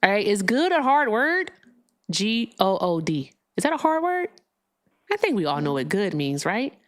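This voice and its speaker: A woman's voice: a little high, very animated, moderate pace. A woman hosting a political call-in livestream, chatting casually, swearing freely and gushing thanks to her viewers. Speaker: livestream host.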